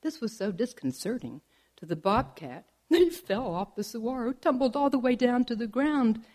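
A woman telling a folk tale aloud in a playful, expressive manner. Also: on the high side, moderate pace. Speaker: storyteller. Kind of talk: oral folk storytelling.

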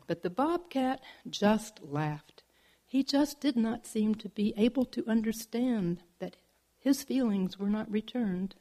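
A woman telling a folk tale aloud in a playful, expressive manner. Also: fairly high pitch, slow. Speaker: storyteller. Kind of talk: oral folk storytelling.

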